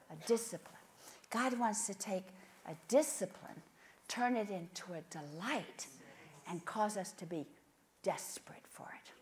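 A woman preaching at a conference with passion, dropping to hushed whispers and rising to loud outbursts as she tells stories and acts out prayers. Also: mid-range voice, a little hiss or hum. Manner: storytelling with quoted prayers. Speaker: conference speaker. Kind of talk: sermon. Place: conference stage.

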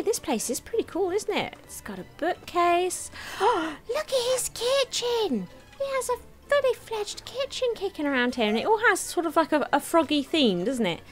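High, lively woman playing a game. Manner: chatty, excitable, giggly. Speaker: game streamer. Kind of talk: let's play commentary.

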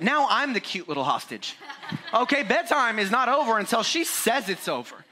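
Bright, high-voiced joking pastor man. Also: very animated, moderate pace. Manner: jokey and conversational, acts out his kids in a raised voice. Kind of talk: sermon. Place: church.

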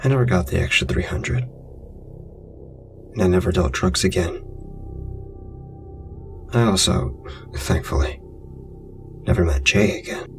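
A man's voice: low voice, measured pace, long pauses. A man narrating a true scary story in the first person, blunt, profane and wry. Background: music.

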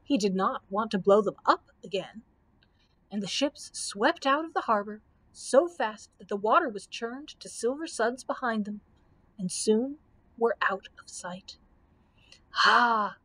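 Expressive woman reading a storybook aloud. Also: a little high, unhurried. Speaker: librarian.

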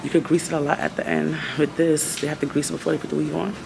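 A woman vlogs from a doctor's office into a phone held close, rambling, giggling, and mocking herself, sometimes half-whispering in casual chat. Her low voice is flat and fast with vocal fry. Crowd noise and low-quality recording mar the sound.

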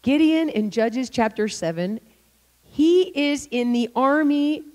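Woman preaching at church, acting out voices in her story, lots of pitch jumps, laughs a lot. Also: takes it slowly. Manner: animated, acts out quotes, laughs often. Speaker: guest speaker. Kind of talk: sermon storytelling.

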